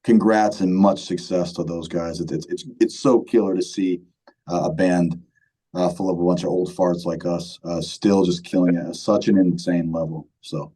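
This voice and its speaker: A man in his thirties with a very low, mellow voice, talking in a relaxed, rambling way. He fills his sentences with "um" and "you know" and keeps repeating himself as he chats casually. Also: normal speed, breathy edge, rough recording. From Michigan, USA. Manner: laid-back, many fillers and repeats, says "man" often. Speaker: band vocalist, guest. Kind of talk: casual interview chat.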